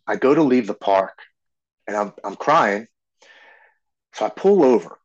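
A man's voice: on the low side, dull audio. A man in his forties, a podcast guest telling a personal story in an earnest way, often stumbling and repeating words. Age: 40s.

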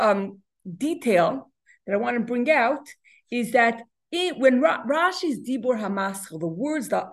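Woman teaching a Torah lesson. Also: fairly high pitch. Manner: explanatory, asks and answers her own questions; frequent restarts and repeated words.

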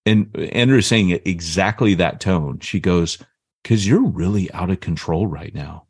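A man's voice: sits low, normal speed, dry recording, clean studio sound. A man in his fifties, a podcast co-host, casually telling a story and acting out the people in it. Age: 50s. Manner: animated, acts out the voices in his story.

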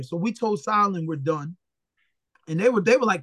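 A man's voice: high-pitched, normal speed, no room sound. A man from Philadelphia, a retired boxer, talks casually as an interview guest, recounting stories bluntly with profanity and acting out the voices of people he quotes. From Philadelphia, USA. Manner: animated, blunt and profane, acts out quoted dialogue.

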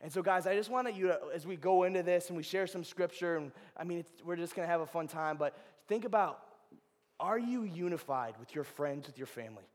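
High-voiced young man in an echoing hall. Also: a little fast. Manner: animated, chatty storyteller. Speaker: ministry speaker. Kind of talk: informal sermon with personal stories. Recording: long hall reverb.

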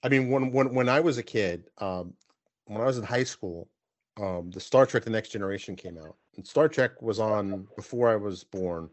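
New york guy hosting a chat, lowish voice, dry close sound, lots of likes and ums. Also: normal speed, no echo. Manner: animated storyteller, many fillers. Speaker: podcast host. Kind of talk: casual panel chat.

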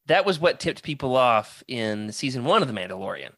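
A podcast host leading a casual chat, wry and animated, handing out turns. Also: mid-range voice, fairly quick, no room sound, clean studio sound.

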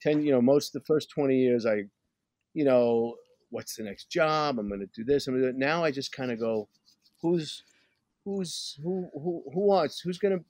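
Guest: middle-aged man from Brooklyn, mid voice, wry, relaxed, dry close sound. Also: mid-range voice, no echo. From Brooklyn, New York. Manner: relaxed, wry, self-deprecating. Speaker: guest actor. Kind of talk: casual interview chat.

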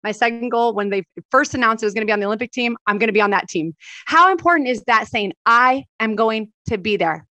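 A woman's voice: fairly high pitch, fast talker, pushed and bright, no echo. Enthusiastic woman hosting a podcast. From Southern California. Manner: enthusiastic, relating her own stories with many "right?" asides. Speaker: podcast host. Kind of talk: casual interview.

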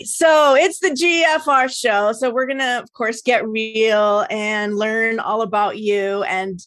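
A woman's voice: medium pitch, a bit bright, dry recording, studio quality. An American woman hosting a podcast interview, chatty and casual, laughing often and swearing freely. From United States. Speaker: podcast host.

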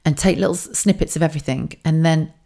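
A woman's voice: sits low, quick pace, creaky, dark tone. A woman hosting a solo podcast, talking frankly and swearing freely, with laughs, asides and rambling restarts. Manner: rambling, self-correcting delivery. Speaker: podcast host. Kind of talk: candid solo podcast monologue.

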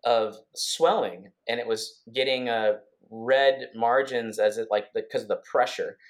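A man of middle pitch co-hosts a podcast and tells a story in a loose, chatty way. He rambles and restarts often, then speeds up in quick bursts. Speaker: podcast co-host. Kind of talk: casual conversational storytelling.

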